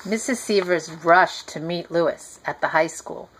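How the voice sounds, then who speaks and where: A woman reading a picture book aloud to a child, gently talking to the listener as she goes. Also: on the low side, measured pace, husky, rough recording. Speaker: reader.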